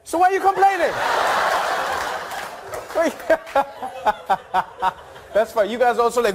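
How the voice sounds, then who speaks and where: Casting: high-voiced male comedian, playful crowd work, studio audience, background noise. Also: slow pace, long pauses. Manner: animated, playful, slips into funny accents. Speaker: comedian host chatting with audience.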